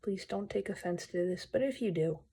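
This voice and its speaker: A woman reading a moral story aloud and then speaking earnestly and gently to her viewers, in a pleading tone. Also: fairly low pitch, normal speed, creaky, breathy edge. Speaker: storyteller and channel host.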